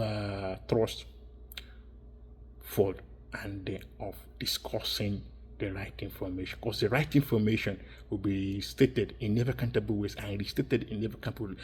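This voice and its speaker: A man's voice: fairly low pitch, a little mellow, husky. A man giving a rambling, insistent monologue, repeating and restarting his phrases as he circles his points. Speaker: vlogger.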